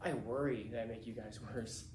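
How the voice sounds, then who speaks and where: A man's voice: mid-range voice, steady tone, fairly quick, a little mellow, reverberant, a little hiss or hum. A male teacher giving a classroom lecture in a casual, slangy way, acting out quotes as he talks.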